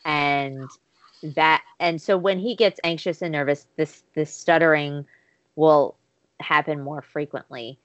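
A woman's voice: low-pitched, measured pace, dry recording, highs cut off. A woman casually recapping a show's episode, retelling scenes with quoted dialogue. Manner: animated storytelling, acting out quotes. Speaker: podcast co-host recapping a show. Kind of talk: casual chat.

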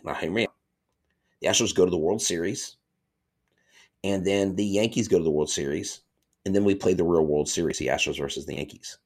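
A man hosting a live sports podcast, chatting casually and reading viewer comments aloud in excitable fan banter. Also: low voice. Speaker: podcast host.

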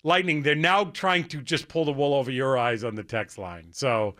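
Radio host guy bantering away, bright voice, dead dry studio sound. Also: medium pitch, moderate pace, no echo. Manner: wry, teasing banter. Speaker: radio talk show host. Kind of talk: call-in talk radio chat.

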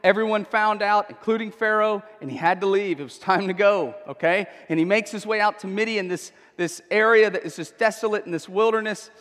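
A man preaching in a church with a high, bright voice and an emphatic, conversational delivery. He punctuates his points with quick check-ins to the crowd. His words trail off into a long hall reverb. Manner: conversational, emphatic, frequent tag questions. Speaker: pastor. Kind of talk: sermon.

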